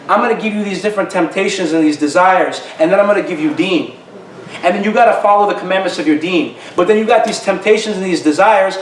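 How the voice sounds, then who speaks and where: A man's voice: high voice, a little hiss or hum. A young man giving a casual, slangy youth group talk, acting out little dialogues as he goes. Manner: slangy, animated, acts out dialogues. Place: room at a youth group gathering. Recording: roomy, mic at a distance.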